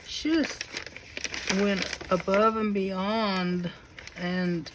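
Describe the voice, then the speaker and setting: Slow-talking Southern woman gushing softly. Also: medium pitch, fairly even intonation, background noise. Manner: gushing, admiring, slow and soft-spoken with breathy asides. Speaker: craft channel host. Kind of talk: casual unboxing show-and-tell.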